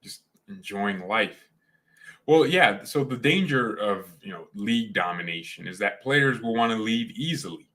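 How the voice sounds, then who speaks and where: Brief: male fan host, casual watchalong commentary, lower-pitched but bright and forceful, rambling hot takes. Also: lively intonation, measured pace. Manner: opinionated, rambling, slangy.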